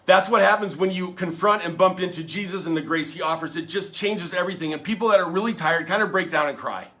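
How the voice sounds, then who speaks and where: Bright-voiced man pastor telling stories. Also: sits high, quick pace. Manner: earnest, playful, with many fillers and restarts. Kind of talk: casual storytelling sermon.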